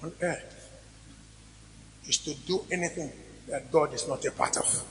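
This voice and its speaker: A man preaching a sermon as pastor, swinging between loud emphatic rises and quiet drops. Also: fairly high pitch, a little slow, a little hiss or hum. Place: church hall. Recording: reverberant church hall recording.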